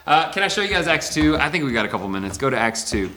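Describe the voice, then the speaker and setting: A middle-aged man preaching a sermon, animated, dropping to a hush and rising loud as he acts out imagined voices. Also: on the high side, very fast, reverberant, rough recording. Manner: animated, swings from hushed to loud when voicing imagined speakers.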